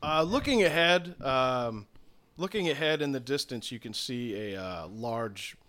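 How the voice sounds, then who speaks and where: A man's voice: mid-range voice, expressive, a little slow, a bit bright. A man narrating a tabletop game as game master, describing scenes unhurriedly with fillers.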